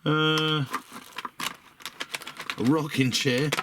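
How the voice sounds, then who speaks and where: A man's voice: fairly high pitch, steady tone, drawn-out words. A middle-aged British man talking in a rambling, chatty, self-deprecating way as he sorts through parts in his workshop. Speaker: miniature model builder. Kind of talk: casual hobby vlog. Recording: noisy workshop recording with clicks.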